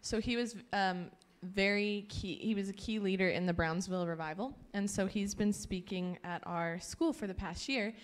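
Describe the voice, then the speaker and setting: A woman's voice: mid-range voice, normal speed, few pauses. Young woman student, casual and chatty, lots of "um" and "like". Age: young adult. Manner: casual, chatty, many fillers like "um" and "like". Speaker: Bible college student. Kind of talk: casual testimony.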